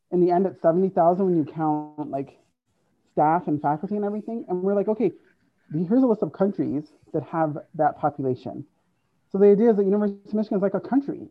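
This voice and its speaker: Brief: woman guest, lively storyteller who acts out quotes, heard on a dull, dry lo-fi recording. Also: lowish voice, dry recording. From United States. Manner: animated, acts out quoted dialogue, laughs often. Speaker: interview guest, university staff. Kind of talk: conversational storytelling.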